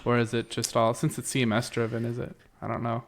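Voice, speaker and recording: A man's voice: medium pitch, monotone, quick pace. A man co-hosting a casual tech podcast, asking curious questions with hesitant fillers. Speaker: podcast co-host.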